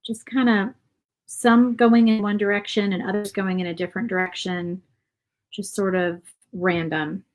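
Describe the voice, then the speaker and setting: A woman's voice: medium pitch, fairly even intonation, normal speed, rough recording. Chatty woman giving a painting tutorial. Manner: chatty and rambling, thinks aloud with fillers and asides. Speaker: craft channel host. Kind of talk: casual painting tutorial chat.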